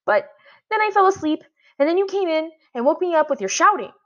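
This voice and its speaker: A woman voicing a bratty, teasing little girl with a squealing high voice, read aloud from a storybook. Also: big pitch swings, a little fast, a bit bright, heavily acted. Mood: whiny. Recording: dull lo-fi audio.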